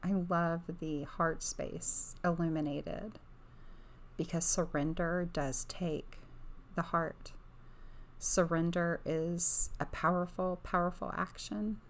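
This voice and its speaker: Female ASMR oracle card reader: low, gravelly, soft-spoken with whispers, dreamy and gushing, close mic. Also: fairly even intonation, slow.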